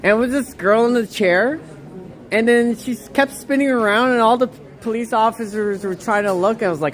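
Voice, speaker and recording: A woman livestreaming as she walks outdoors, reading chat aloud in an excitable, gushing, rambling way. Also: fairly high pitch, moderate pace. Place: outdoors on a snowy town walk.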